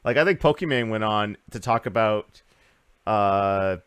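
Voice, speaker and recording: A man's voice: on the low side, animated, unhurried, fairly bright tone, clean tone, dry recording. A man hosting a casual gaming podcast, rambling through news with lots of uhs and restarts. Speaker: podcast host.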